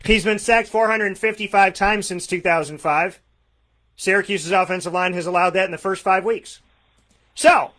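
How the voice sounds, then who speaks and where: High, bright-voiced sports radio man. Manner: animated, emphatic, addresses listeners as folks. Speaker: co-host. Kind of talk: fantasy football radio talk.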